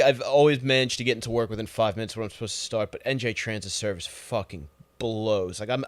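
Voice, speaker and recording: A man's voice: fairly low pitch, no echo. Man, young adult, solo podcast host, crude exasperated ranting, dry close recording. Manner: crude, sarcastic, exasperated storytelling. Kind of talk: profane solo podcast rant.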